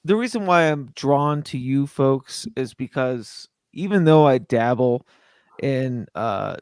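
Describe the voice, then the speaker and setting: A man's voice: medium pitch, lively intonation, a little mellow, smooth, no room sound, studio quality. A man talking in a casual chat who rambles and stumbles over his words while he tries to explain an idea. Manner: rambling and halting, apologetic.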